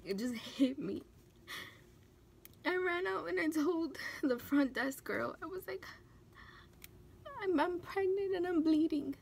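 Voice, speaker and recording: A woman's voice: high voice, vocal fry, a little hiss or hum. A young woman vlogging about a hard personal experience, tearful and fighting back crying as she talks. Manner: tearful, breaking down while telling a story. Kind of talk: emotional personal vlog.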